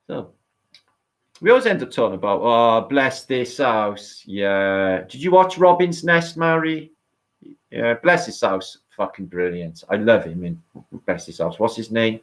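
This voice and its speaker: A man's voice: lowish voice, sing-song, normal speed. A British man chatting casually as a podcast host, rambling, swearing and laughing as he reminisces. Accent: British English. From Britain. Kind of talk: casual chat.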